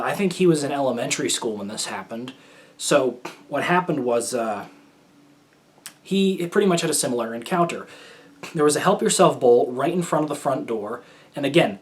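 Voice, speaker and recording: A young man from the United States telling stories as a show host in casual solo talk, rambling and hesitant, with many fillers and restarts. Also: a little high.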